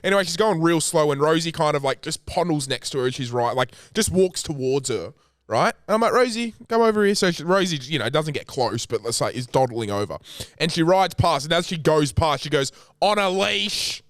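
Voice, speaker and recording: Aussie podcast co-host, higher-pitched, lively, cusses as he tells it, dry studio sound. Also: a little fast, dry recording. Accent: Australian. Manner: swears freely, animated storytelling. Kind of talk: casual chat.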